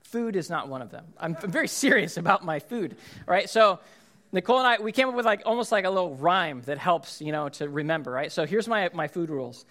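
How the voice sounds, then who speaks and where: A man in his thirties, the lead pastor, preaching a sermon and telling a funny story in an animated way. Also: high-pitched, brisk. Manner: animated storyteller, shouts in acted-out quotes.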